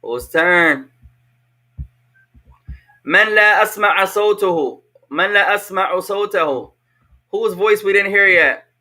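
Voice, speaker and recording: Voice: medium pitch, normal speed, pauses often, bright, forceful tone. A teacher leading an online language lesson for children, patiently repeating each question over a video call.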